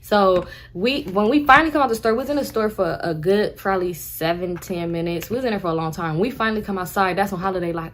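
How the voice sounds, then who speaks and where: A young woman telling a casual storytime, slangy, profane and animated. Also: medium pitch, fast talker, few pauses, slight background noise.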